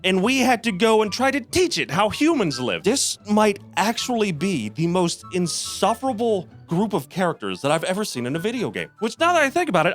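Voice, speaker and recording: A man giving a sarcastic, profane comedic review of a video game. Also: high voice.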